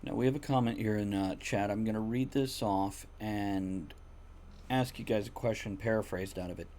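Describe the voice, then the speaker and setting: A man's voice: fairly low pitch, steady tone, moderate pace, a little mellow. Man hosting, asking short follow-ups. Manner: short prompts and follow-up questions. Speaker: podcast host. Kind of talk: casual conversation.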